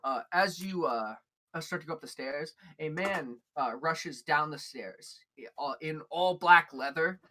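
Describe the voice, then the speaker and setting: A woman's voice: low voice, unhurried, sharp tone. A woman narrating as game master, rambling with many fillers and restarts.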